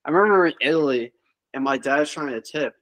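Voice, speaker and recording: A man's voice: fairly high pitch, brisk, dry recording. A young man with a slightly raised voice chats easily on a podcast, with lots of fillers. The sound is dry and close. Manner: relaxed, filler-heavy talk. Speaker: podcast co-host. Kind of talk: casual chat.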